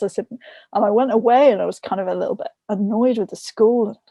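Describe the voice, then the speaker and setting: Chatty mom guest, husky with some fry, talks in loose stories full of fillers. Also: female voice, mid-range voice, fairly even intonation, quick pace, mellow, no echo. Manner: chatty, retells stories with quoted voices; many fillers and restarts. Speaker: podcast guest, parent and trainer. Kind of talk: casual conversation.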